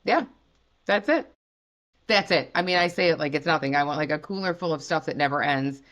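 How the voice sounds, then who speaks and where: A woman's voice: low voice, animated, fairly quick, fairly bright tone. A woman hosting a podcast, chatting casually and animatedly with lots of fillers. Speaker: podcast host. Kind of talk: casual chat.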